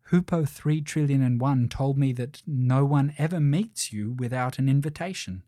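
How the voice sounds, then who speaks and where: A man's voice: mid-range voice, moderate pace, dark tone, no room sound, studio quality, close to an everyday voice. A man voicing an earnest young princess who speaks in a pleading way.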